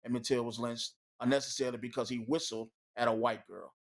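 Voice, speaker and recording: A man's voice: mid-range voice, steady tone, quick pace, vocal fry. A man on a talk-show panel, speaking with anger and emphasis and leaning on many "you know" fillers. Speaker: co-host. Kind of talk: heated panel discussion.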